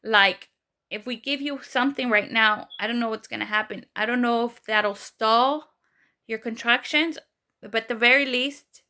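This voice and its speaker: A young woman vlogger casually tells a personal story full of fillers, animatedly acting out what other people said. Her voice is a little high, at a moderate pace.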